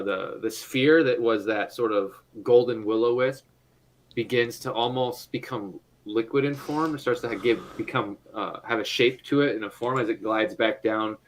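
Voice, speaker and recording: A man's voice: mid-range voice, a bit bright, poor audio. A man narrating a tabletop role-playing game as game master, rambling through fillers and restarts and laughing often.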